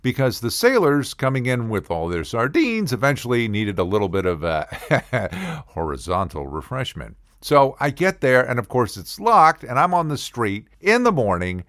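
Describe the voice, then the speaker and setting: An older man telling a funny personal story in a casual, animated way, acting out the yelling and the other people's lines. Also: medium pitch, no room sound, clean studio sound.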